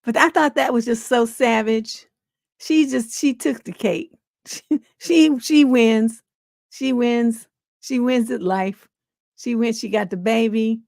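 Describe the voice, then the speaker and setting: A woman's voice: fairly high pitch, takes it slowly, gravelly, no room sound, studio quality. Laughing woman hosting a live stream. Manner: laughs often, reacts loudly, quotes people in playful voices. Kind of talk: casual live stream chat.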